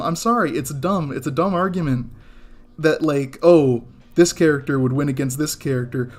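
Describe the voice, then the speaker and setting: His voice a little high and his pace brisk, a man livestreaming his drawing from a home studio with background music rants offhandedly. The rant turns heated and profane, full of false starts and corrections, before he apologizes.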